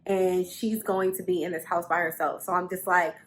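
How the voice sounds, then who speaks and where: A woman's voice: fairly low pitch, flat delivery, normal speed, a bit bright, a little hiss or hum. Chatty young woman vlogging from her bedroom. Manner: chatty, repeats phrases for emphasis. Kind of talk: casual storytelling to camera. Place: bedroom at home.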